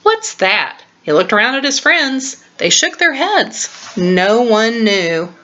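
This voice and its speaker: An older woman at home reading a children's storybook aloud to her grandchild, warm and expressive, recorded on a webcam. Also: a little high, takes it slowly, highs cut off.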